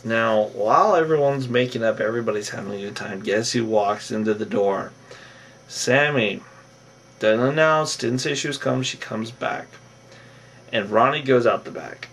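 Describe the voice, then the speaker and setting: A man casually recapping a reality TV episode, rambling and animated, acting out what the cast said. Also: medium pitch, moderate pace, breathy edge, distant mic. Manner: rambling, animated, acts out cast members' lines.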